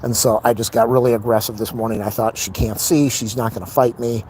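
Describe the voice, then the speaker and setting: A man's voice: medium pitch, fairly even intonation, fairly quick, a little mellow, a little hiss or hum. A middle-aged man venting in a rambling, frustrated casual monologue on a live stream.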